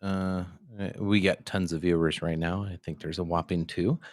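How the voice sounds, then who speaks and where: Low blunt male co-host. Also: level tone, moderate pace, darkish tone. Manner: blunt, laughing, swears. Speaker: co-host of live stream. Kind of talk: casual live commentary.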